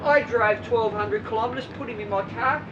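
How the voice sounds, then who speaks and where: A high-pitched woman coaching swimmers in a blunt, no-nonsense way, firing rhetorical questions at her squad. She sits well back from the mic, so the voice sounds distant. Vehicle noise runs clearly underneath. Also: moderate pace, lo-fi sound. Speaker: swim coach.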